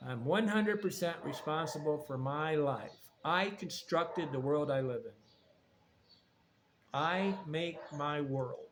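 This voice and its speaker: A man giving a blunt, rambling, preachy monologue about recovery and trauma. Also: on the high side. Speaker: vlogger. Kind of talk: casual monologue. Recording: faint background noise.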